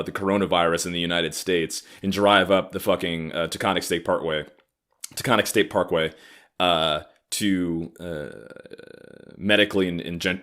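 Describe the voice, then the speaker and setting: A man in his thirties rants on his comedy podcast with sarcastic, profane anger. His low voice is bright and edgy, swinging widely up and down as he fumes. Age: 30s. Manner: angry, profane, sarcastic ranting. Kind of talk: ranting comedic monologue.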